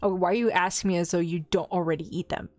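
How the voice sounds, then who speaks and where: A woman's voice: on the low side, steady tone, quick pace, no room sound. Chatty young woman streamer, dry close mic. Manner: chatty, rambling, giggly. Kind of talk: casual chat.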